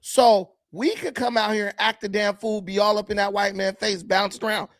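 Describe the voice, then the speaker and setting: A man's voice: high-pitched, steady tone, moderate pace, no room sound. A man giving blunt, combative commentary while reacting to video clips, often mocking the people he watches. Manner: blunt, combative and mocking, with sudden swings in loudness.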